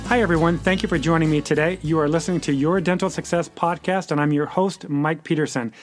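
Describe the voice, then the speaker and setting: A man's voice: a little high, fairly even intonation, fast talker, soft background music. A man hosting a podcast, chatty and often stumbling over his words. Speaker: podcast host. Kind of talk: casual interview hosting.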